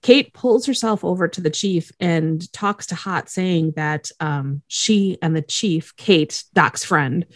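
A woman co-hosting a podcast, casually recapping a TV episode, with relaxed fillers like "um" and "yada, yada.". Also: fairly low pitch, slow pace, hardly any pauses, no room sound, clean studio sound. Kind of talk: casual chat.

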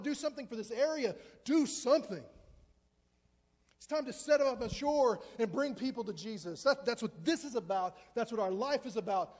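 A man's voice: extremely high pitch, a little mellow. A man in his forties preaching a conversational, joking sermon in a church. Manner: conversational, joking, self-deprecating. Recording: long hall reverb.

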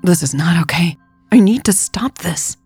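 A woman's voice: on the low side, lively intonation, normal speed, a little mellow, slightly rough, dry recording, faint music behind. A woman narrator voicing an anxious, frustrated young woman who protests in tense, stammering lines.

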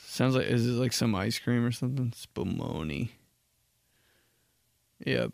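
A man's voice: on the low side, brisk, creaky, no echo, clean studio sound. A young man hosting a casual solo podcast, rambling and joking, saying like a lot. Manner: rambling, jokey, says like a lot. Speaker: podcast host.

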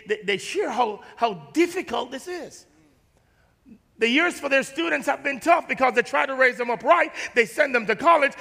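A man from Jamaica preaching a sermon to his congregation in a church sanctuary, animated and folksy, repeating words and calling on the crowd to answer. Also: very high voice. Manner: casual, folksy phrasing. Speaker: pastor. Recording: long reverb of a large hall.

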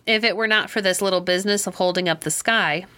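A huge, weary ancient giant roars out his words in a deep, rough voice, put on by a woman reading a storybook. The tone carries a bright, forceful edge. He booms and mocks in gruff, heavy phrases. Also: quick pace, lightly acted. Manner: booming, mocking laughter.

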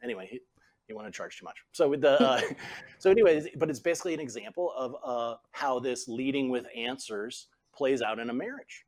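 A middle-aged man, a former CEO and author, talking in a relaxed podcast interview and acting out the people he quotes. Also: mid-range voice, brisk. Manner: animated storyteller, acts out quoted voices.

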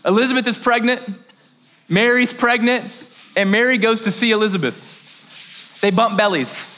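A man's voice: high voice, moderate pace, bright, forceful tone. A man from Kentucky preaching a casual, joking sermon in church, with slangy asides. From Mayfield, Kentucky, USA. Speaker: pastor. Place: church service. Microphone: handheld or headset mic.

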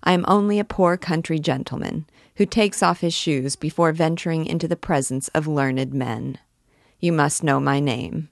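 A woman reads a disguised old gentleman who speaks in grave, humble tones. The voice sits low and moves slowly. The recording is dry and close. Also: creaky, no echo. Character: grave elderly male country gentleman in disguise.

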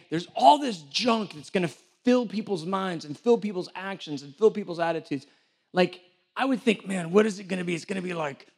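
A man with a high-pitched voice delivers a sermon. He talks casually and acts out imagined back-and-forth conversations. He often stumbles and restarts his sentences as he goes. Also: gravelly. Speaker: church director preaching.

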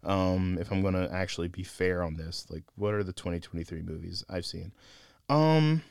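Smooth low-voiced man reviewing films. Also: moderate pace, dry recording, studio quality. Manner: animated, laughs often, acts out quoted lines. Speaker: podcast co-host, film reviewer. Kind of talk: casual film review chat.

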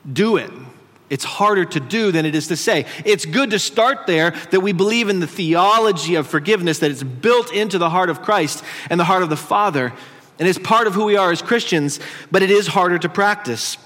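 A man's voice: high voice, a little fast, fairly bright tone, in a large hall. A male pastor preaching a conversational sermon in a church, teasing his congregation as he teaches. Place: church sanctuary.

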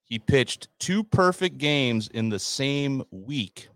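Male co-host, dry deadpan humor, dry close sound. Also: medium pitch, takes it slowly, clean tone, no room sound. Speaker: podcast co-host. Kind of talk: casual sports chat.

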